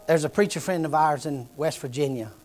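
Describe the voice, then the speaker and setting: A middle-aged man delivers an impassioned sermon, his voice sitting a little high. He tells the story with growing fervor, and soft music plays faintly behind him. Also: fairly quick. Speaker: preacher.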